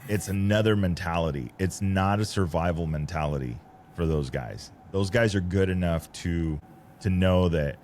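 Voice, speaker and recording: A man's voice: sits low, darkish tone, a little hiss or hum. A man who coordinates rally support, talking casually and rambling with many restarts. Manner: rambling, halting with repeated restarts. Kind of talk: casual conversation.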